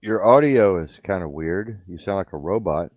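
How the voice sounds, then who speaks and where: A man hosting a casual talk radio show, drawling and often pausing with uh. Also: low-pitched, animated, darkish tone, dry recording. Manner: drawling, repeats himself, says uh often. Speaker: radio host. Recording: dull lo-fi sound.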